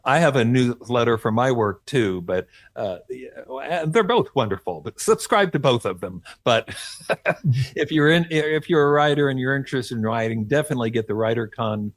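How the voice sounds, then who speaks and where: A man's voice: medium pitch, animated, moderate pace, no echo. Earnest encouraging man, very dry sound. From Oklahoma, USA. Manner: earnest, encouraging, laughs between thoughts. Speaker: author and guest. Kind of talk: radio interview conversation.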